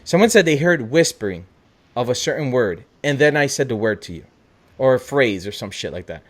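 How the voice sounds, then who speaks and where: A young man hosts a loose, casual chat, getting worked up easily and swearing freely. His voice sits at an ordinary middle pitch, and his sentences often trail off as he talks. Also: brisk. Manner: excitable, swears a lot, trails off. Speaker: podcast host.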